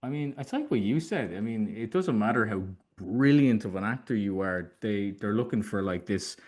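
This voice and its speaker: A man's voice: fairly low pitch, lively intonation, moderate pace, a little mellow. A man hosting an interview podcast, talking loosely with plenty of fillers and repeated words. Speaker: podcast host. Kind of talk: casual interview chat.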